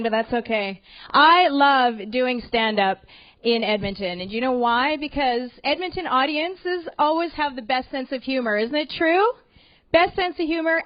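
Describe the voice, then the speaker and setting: Brash crowd-teasing female comic from Alberta, high voice, dry lo-fi sound. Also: dry recording. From Alberta, Canada. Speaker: stand-up comedian. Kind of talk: stand-up comedy set. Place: comedy club. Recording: dull lo-fi live recording.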